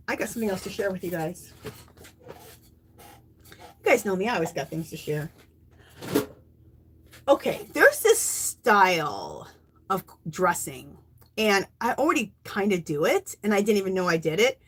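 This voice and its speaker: A woman hosting a crafting channel, talking in a chatty, rambling, excitable way as she shows off her makes. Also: medium pitch, a little slow, long pauses, a little hiss or hum. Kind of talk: casual show-and-tell chat.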